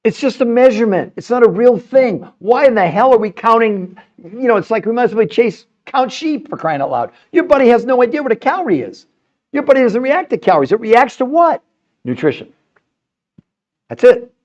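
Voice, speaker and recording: A man's voice: very high voice, very animated, brisk, a little mellow, muffled recording. Passionate, emphatic middle-aged man. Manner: repeats words and restarts when fired up. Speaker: health show host answering viewer comments. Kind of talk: livestream talk.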